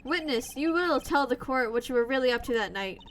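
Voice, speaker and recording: A woman's voice: sits high, lively intonation, fairly quick, fairly bright tone, slight background noise. A woman voicing a confident young male defense lawyer in a courtroom game, speaking in a pointed, cutting way.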